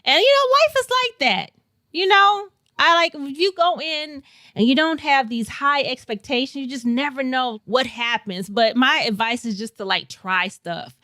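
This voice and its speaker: A woman's voice: sits high, moderate pace, no room sound, studio quality. A woman from St. Louis, Missouri, guest on a podcast, telling a story with lots of laughs and acted-out quotes. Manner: animated, laughs often, acts out quoted voices.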